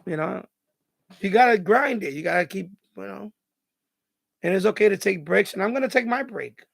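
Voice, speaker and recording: A man hosting a live stream in casual chat, his voice raspy and hoarse from hours of talking, giving rambling advice full of "you know" and restarts. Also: sits high, lively intonation, normal speed, fairly bright tone, dry recording, studio quality.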